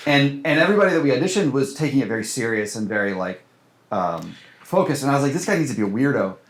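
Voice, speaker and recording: A film director talks loosely about his work, circling through fillers and restarts before landing his point. His voice sits at an ordinary middle pitch. The room around him rings with a noticeable echo. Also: very animated, quick pace. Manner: rambling, hesitant, many fillers and restarts. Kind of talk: casual interview chat. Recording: roomy echo.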